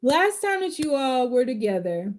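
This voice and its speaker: Woman tarot reader live, casual slangy and heartfelt; raised pitch, warm mellow tone. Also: very animated, normal speed. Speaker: tarot reader and life coach.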